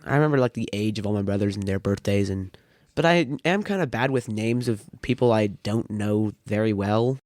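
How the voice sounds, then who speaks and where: A man's voice: lowish voice, brisk, darkish tone, no room sound. A thirteen-year-old boy chatting casually as a podcast guest, rambling with a dry wit. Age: teens. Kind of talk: casual chat.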